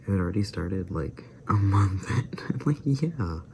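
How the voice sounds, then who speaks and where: A man talking straight to his vlog camera in a loose, rambling way, often breaking into laughter and dropping to whispered asides. His voice sits low, with a gravelly edge and a dark, mellow tone. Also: normal speed, slight background noise. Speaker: vlogger doing a daily challenge. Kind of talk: casual rambling chat.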